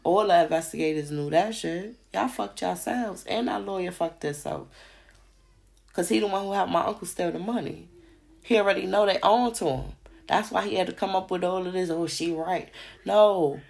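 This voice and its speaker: A woman's voice: on the low side, moderate pace, vocal fry, a little mellow. A woman host delivering a heated, profane monologue on her podcast, hammering rhetorical questions. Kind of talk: ranting monologue.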